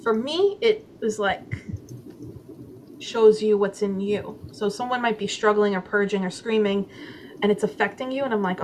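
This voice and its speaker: A woman's voice: medium pitch, unhurried, a little hiss or hum, low-quality recording. A woman guest in a casual interview, candidly telling a personal story and acting out her own inner voices, with many "like" fillers. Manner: frequent "like" fillers.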